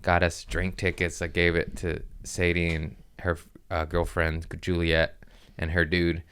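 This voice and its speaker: A man hosting a podcast, telling casual stories in a profane, animated way and jumping into high-pitched voices when he quotes people. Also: measured pace, a little hiss or hum. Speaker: podcast host and comedian. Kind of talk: casual storytelling chat.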